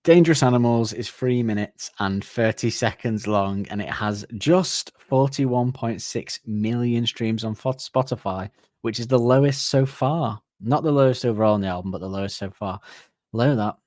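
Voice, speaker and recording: Male co-host, excitable and sweary, dry close mic. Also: medium pitch, moderate pace, dry recording. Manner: excitable, swearing, laughs a lot. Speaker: podcast co-host. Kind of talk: casual music podcast chat. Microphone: podcast microphone.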